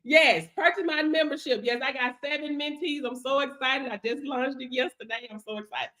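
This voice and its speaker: A woman's voice: sits high, steady tone, a little fast, a bit bright. A woman hosting a casual livestream, preaching and laughing in a sassy, colloquial way as a business mentor. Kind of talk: casual motivational livestream talk. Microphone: streaming setup.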